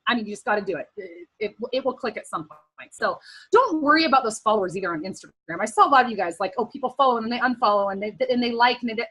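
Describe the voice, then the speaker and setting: A woman's voice: a little high, expressive, quick pace, bright, forceful tone, husky, poor audio. A woman speaking casually and earnestly on a team video call, giving encouraging advice with many fillers and at times close to tears.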